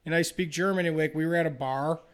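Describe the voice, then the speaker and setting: A young man with a fairly high voice hosts a casual podcast. He rambles through a story, hedging and restarting. He jumps up higher and louder whenever he acts out what someone said. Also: fairly even intonation, fast. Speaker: podcast host and comedian.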